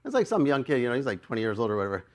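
A male pastor telling a story in his sermon, animated and self-mocking and often laughing. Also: mid-range voice, rapid-fire.

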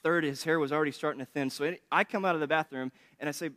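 A man's voice: fairly high pitch, steady tone, moderate pace, long pauses, a bit bright. A man preaching a sermon in a chatty, joking way, laughing often between points. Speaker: pastor. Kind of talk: conversational sermon with humor.

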